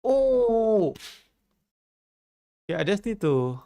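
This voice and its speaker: A man chats casually on a livestream while fumbling with his settings and repeating himself. His high-pitched voice is sing-song, very slow, and warm.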